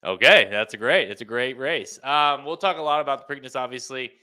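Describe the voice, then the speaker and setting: Bright-voiced male podcast host, laughs a lot. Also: medium pitch, brisk. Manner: laughs often, loose rambling talk. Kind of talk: casual chat.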